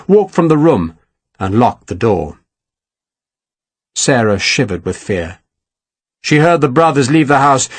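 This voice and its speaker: A man narrating an audiobook with a dramatic, expressive reading. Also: on the high side, no echo. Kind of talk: scripted narration.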